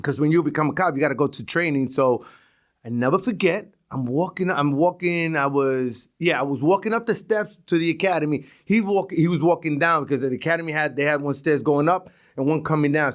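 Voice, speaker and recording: A middle-aged guy tells stories from the street in a loose, profane way. He keeps tripping over and repeating his words. His voice sits a bit high for a man. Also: a little fast. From East New York, Brooklyn. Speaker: retired police sergeant, guest. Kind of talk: casual storytelling.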